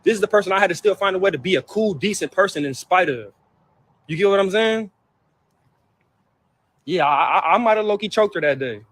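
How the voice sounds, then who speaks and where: Man, high voice, rapid-fire heated profane rant, hurt and upset; personal vlog to camera. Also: animated, fairly bright tone. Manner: heated, profane, repetitive outbursts. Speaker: vlogger. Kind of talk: emotional personal venting to camera.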